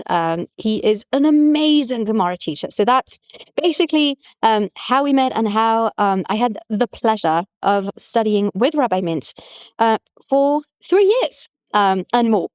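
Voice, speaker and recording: Chatty woman, high voice. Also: a little mellow, no room sound, clean studio sound. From France. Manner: chatty, many "like" fillers. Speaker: rabbi, guest. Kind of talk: casual interview talk.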